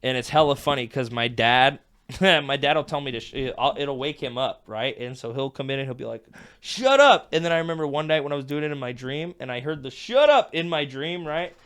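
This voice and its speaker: A man's voice: medium pitch, brisk, fairly bright tone, smooth. A young man and guest comedian telling loose, profane stories in casual podcast chat, laughing often.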